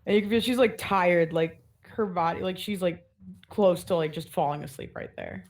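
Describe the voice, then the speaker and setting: A woman's voice: lowish voice, normal speed. A woman running a tabletop game as game master, narrating scenes in a rambling way full of "like" and "kinda".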